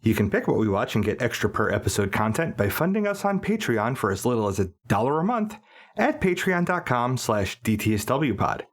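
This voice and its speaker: A man's voice: mid-range voice, a little fast. A man in his early forties co-hosting a comedy movie podcast, spinning absurd gross-out bits. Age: early 40s. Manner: spins absurd gross-out bits, pushy and animated. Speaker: podcast co-host.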